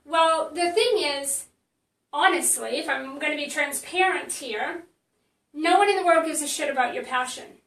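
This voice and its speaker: A woman's voice: high-pitched, normal speed, creaky, a bit bright, reverberant, distant mic, poor audio. A woman marketing coach teaching in a casual live stream, chatty and blunt, with many fillers and restarts.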